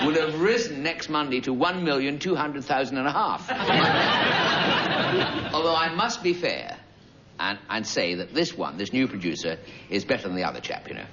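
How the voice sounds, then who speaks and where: A man spins a rambling comic monologue, drifting off into asides and peppering it with "you know." His pitch swoops about in a lively way. The recording is dull and lo-fi, buried under loud noise. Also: normal speed. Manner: digressive, chatty, peppered with 'you know'. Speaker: comedian.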